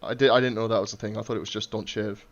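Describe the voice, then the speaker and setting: Swearing, animated man. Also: on the low side, very fast. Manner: animated, swears freely, acts out quotes. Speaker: podcast host. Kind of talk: casual chat. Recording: muffled lo-fi podcast audio.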